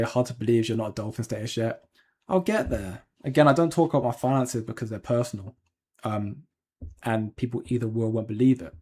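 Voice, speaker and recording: A man talks loosely on a crypto livestream, reading out viewer comments and answering them off the cuff. His voice is husky and a bit breathy. He sits at a middle pitch, hedges often and stops himself mid-sentence. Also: darkish tone. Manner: rambling, hedging, frequent ums and restarts. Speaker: crypto channel host.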